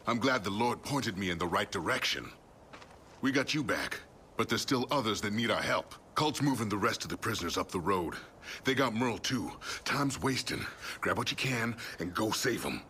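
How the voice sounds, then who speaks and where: A steady, practical pastor in a game cutscene, low-voiced yet lively in his rise and fall. Clear ambient noise hangs behind him. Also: normal speed. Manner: calm, firm, practical. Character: steady rural pastor, middle-aged, resistance ally.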